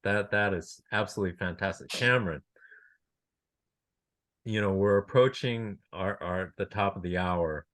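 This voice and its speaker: A man's voice: sits low, normal speed, long pauses, a bit bright, no room sound. A man hosting an interview, effusive in his praise and repeating words as he starts his sentences. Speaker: host. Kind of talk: casual interview talk.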